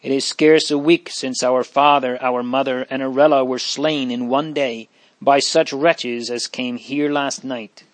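A man's voice: mid-range voice, steady tone, a little slow, no echo, close to an everyday voice. A man reading as Marie, a tearful young girl. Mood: sorrowful. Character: grieving young French girl fugitive.

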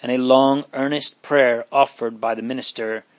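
A man narrating a classic story in a measured, steady way, close to the mic. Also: mid-range voice, no room sound. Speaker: audiobook reader.

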